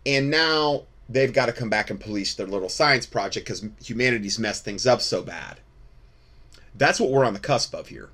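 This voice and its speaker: A man's voice: on the low side, lively intonation, moderate pace, sharp tone. A man hosting a show, giving casual, preaching-toned Christian commentary, often repeating words and restarting sentences. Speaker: host.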